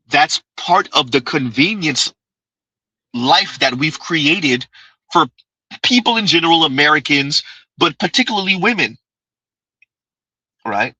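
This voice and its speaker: A man's voice: fairly high pitch, pushed and bright, slightly rough, no room sound, low-quality recording. A man hosting his own channel, giving casual, emphatic commentary on clips and viewer messages and repeating his key points.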